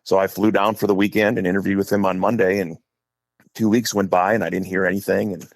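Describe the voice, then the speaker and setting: A middle-aged high school head football coach from Wisconsin, with an Upper Midwest accent, rambles through a long story as a podcast guest. His voice sits low and level, his pace is quick, and there's no room sound.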